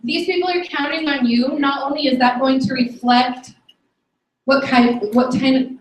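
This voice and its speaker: A woman's voice: sits high, fairly even intonation, normal speed, recorded from a distance. Firm woman lecturing a team, echoey room. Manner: firm and scolding, keeps asking "okay?". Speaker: sales team leader giving a training talk. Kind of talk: motivational training talk to a live room. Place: meeting room with an audience. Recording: echoey room, recorded from afar.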